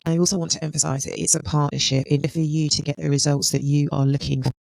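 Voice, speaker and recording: A woman talks through a solo podcast episode with a gravelly, creaky texture to her voice. The sound is close and dry, with no room around it. She speaks in a measured way, posing a run of reflective questions to her listeners. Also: deep voice, level tone, darkish tone, dry recording, poor audio. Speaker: podcast host and healthcare consultant.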